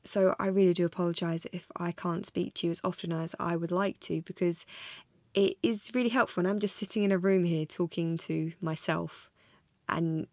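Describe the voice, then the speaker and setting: A woman's voice: lowish voice, steady tone, moderate pace, dry recording. A woman in her twenties, talking alone in a room in a rambling, self-deprecating vlog monologue. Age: 20s. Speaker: vlogger.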